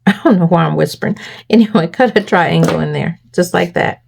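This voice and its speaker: A woman with a slightly low voice hosts a homemade craft tutorial. She explains each cut and fold step by step in a chatty, instructive way, often pausing to check in with the viewer. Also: vocal fry, noisy background.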